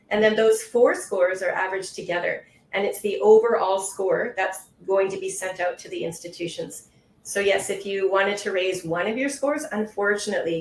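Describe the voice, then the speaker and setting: A woman's voice: medium pitch, a little hiss or hum. A woman test-prep instructor answering questions on a webinar in a patient, reassuring, explanatory way, over a video call. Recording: roomy echo.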